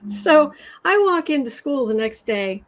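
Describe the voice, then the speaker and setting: A woman from West Virginia hosting a tarot and astrology livestream, telling stories in a rambling, animated way with sudden emphatic outbursts. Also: high-pitched, measured pace. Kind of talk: casual chat, storytelling.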